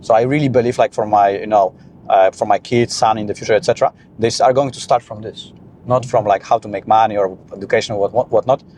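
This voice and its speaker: Man talking in a car, quick and animated. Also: fairly low pitch, a little hiss or hum. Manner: animated, frequent restarts and "you know". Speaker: podcast guest. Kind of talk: casual conversation.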